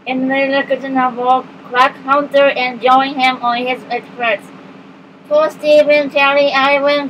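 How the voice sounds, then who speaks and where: A woman with a high, light voice reads book jacket blurbs aloud. Her reading is halting, with stumbles, restarts and misread words along the way. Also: a bit bright, a little hiss or hum, rough recording.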